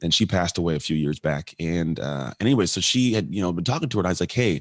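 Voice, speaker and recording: A man in his late thirties from California, a podcast guest telling his life story in an animated way and acting out the voices of people he quotes. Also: low voice, fast talker, no room sound, clean studio sound. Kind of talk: storytelling in an interview.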